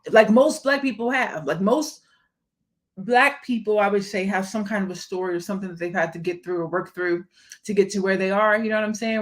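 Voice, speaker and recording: A woman's voice: mid-range voice, a bit bright. Woman, young adult, live stream host, candid and emphatic, casual talk to viewers, phone or webcam mic. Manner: greets viewers by name between thoughts, candid and emphatic.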